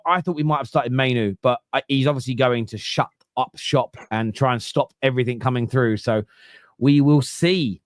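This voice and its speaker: Bloke hosting a football podcast, blunt, swears a lot, dry close mic. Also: male voice, mid-range voice, no room sound. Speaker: podcast host. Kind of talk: casual football chat.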